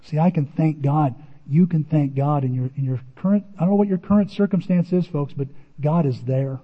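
A man preaching a sermon in a conversational, animated way, his voice rising for emphasis. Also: fairly high pitch, brisk, slightly rough. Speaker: pastor. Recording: muffled sound in a reverberant hall.

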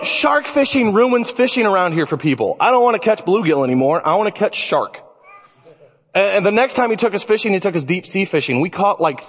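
A man preaching a sermon, telling stories in an animated way. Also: fairly high pitch, slightly rough, dull audio. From Illinois. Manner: animated storytelling. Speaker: pastor. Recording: reverberant church hall.

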